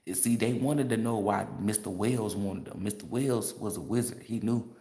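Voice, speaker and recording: A man's voice: lowish voice, normal speed, mellow. Brash, profane man in an echoey room. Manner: brash, profane, laughing often. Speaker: tarot reader. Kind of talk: casual livestream rant. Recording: roomy echo.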